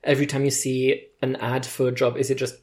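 A low-voiced woman hosts a podcast. She asks playful, quick questions in a relaxed chat. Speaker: podcast host. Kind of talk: casual interview chat.

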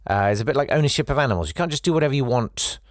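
A man's voice: medium pitch, lively intonation, rapid-fire, no room sound, studio quality. Wry, sarcastic male comedy host. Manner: wry, rambling, sarcastic asides. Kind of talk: satirical monologue.

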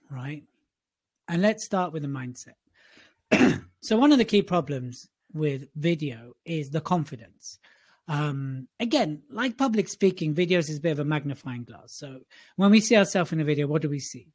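A man's voice: on the high side, animated, normal speed, a little mellow. A man co-hosting a podcast, teasing and mock-exasperated in casual chat. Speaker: podcast co-host, speaking coach.

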